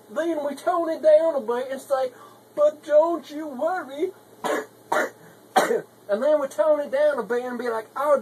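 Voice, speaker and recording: A woman's voice: high voice, a little mellow, slight background noise, rough recording. A woman playing a scheming country wife with a put-on rural Southern US hick accent. She rambles in a folksy way and calls everyone honey. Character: scheming country wife pitching web-marketing tricks. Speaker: comedy video maker. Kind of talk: comedy sketch monologue.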